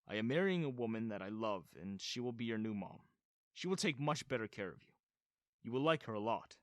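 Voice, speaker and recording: A man's voice: mid-range voice, expressive, fairly quick, no room sound, clean studio sound, natural voice. Man voicing a stern, firm father.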